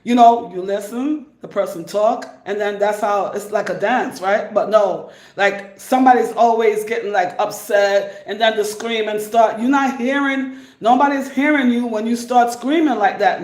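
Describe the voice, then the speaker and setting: A woman's voice: a little high, moderate pace, darkish tone. A woman giving casual advice to her viewers, emphatic and rambling, repeating her points for stress. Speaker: vlogger. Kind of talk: casual advice monologue to camera. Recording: echoey room.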